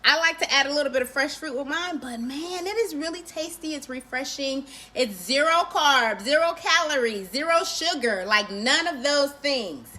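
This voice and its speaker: Chatty woman livestream host, high and bright, friendly casual banter with viewers. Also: lively intonation, moderate pace, hardly any pauses. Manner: chatty, greets viewers by name, laughs often.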